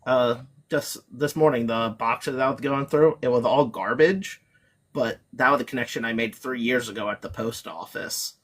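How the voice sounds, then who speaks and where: Speaking at a moderate pace with a medium pitch and a slightly bright tone, a man guests on a live chat stream as a reseller. His talk wanders, packed with fillers and self-interruptions.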